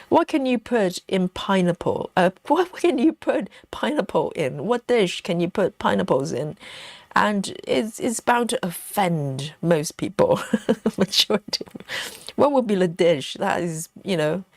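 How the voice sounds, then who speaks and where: A woman's voice: on the low side, creaky, a little mellow, no echo. A woman hosting a casual live stream, chatting and giggling as she reads viewer comments aloud. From United Kingdom.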